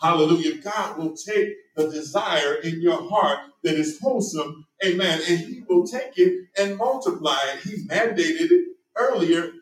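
Pastor guy preaching, slightly high voice, echoey hall, kinda far from the mic. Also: measured pace. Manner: punctuates with amen and hallelujah. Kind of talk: sermon. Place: church sanctuary. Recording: echoey room, voice from a distance.

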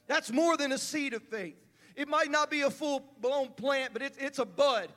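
A man preaching a sermon as pastor, building from calm teaching to fervent, rising delivery. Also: very high voice, a little slow. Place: church sanctuary. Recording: church hall reverb.

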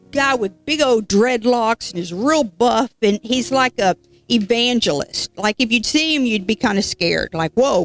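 A woman preacher telling a story in an animated, folksy sermon, with casual asides to the congregation. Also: fairly high pitch.

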